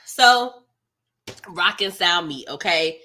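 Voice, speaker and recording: A young woman hosting a live TV episode recap, animated and slangy, laughing often as she reacts. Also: lowish voice, slow pace. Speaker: TV recap host.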